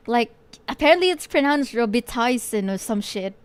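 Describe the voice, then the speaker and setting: A woman's voice: fairly high pitch, animated, normal speed, few pauses, no echo. A woman streaming as a vtuber while she paints, chatting playfully with her viewers and swearing casually. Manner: playful, swears casually, muses aloud to chat.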